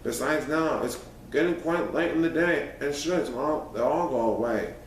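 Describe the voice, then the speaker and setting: A man's voice: fairly high pitch, brisk, slight background noise. A man in a playful cat persona reads a rhyming picture book aloud in a sing-song way. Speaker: storyteller in a cat costume persona. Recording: roomy, distant mic, faint ambience.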